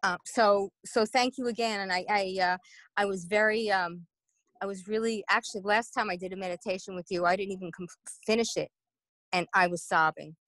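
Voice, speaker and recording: Woman participant, halting, fillers, dry close sound, video call. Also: medium pitch, fairly even intonation, fairly bright tone, no echo. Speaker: participant sharing. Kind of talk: casual share in a group call.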